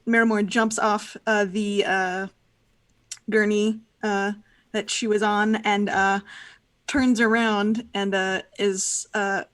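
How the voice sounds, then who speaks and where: A woman playing a tabletop role-playing game, describing her character hesitantly with many pauses and ums. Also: mid-range voice, level tone, a bit bright, clean tone. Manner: hesitant, full of uh and um. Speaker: player.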